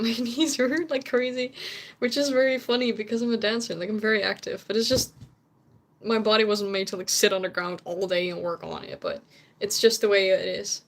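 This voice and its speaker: A woman's voice: medium pitch, a bit bright. A young Dutch woman, whose first language is Dutch, chatting casually with viewers on a stream, laughing often and sometimes searching for English words. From Netherlands.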